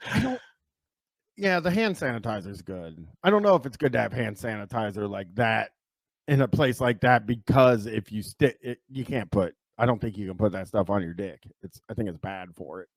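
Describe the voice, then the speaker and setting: Мужчина-соведущий с грубыми шутками и смехом. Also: male voice, on the low side, animated, moderate pace, no room sound, clean studio sound. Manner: laughs a lot, crude jokes. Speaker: podcast co-host. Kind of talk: casual comedic commentary over a video.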